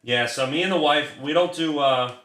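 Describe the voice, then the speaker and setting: A man's voice: a little high, moderate pace, a bit bright. A man hosting a card break, chatting casually and swearing freely while he calls out the cards he pulls. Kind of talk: casual livestream chat while opening cards. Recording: roomy echo.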